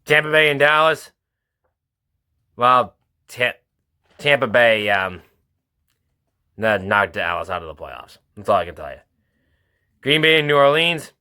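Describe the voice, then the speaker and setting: Guy doing his football picks, bright voice, casual and a bit halting. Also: mid-range voice, sing-song, clean tone. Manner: informal, halting delivery. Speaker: sports picks host.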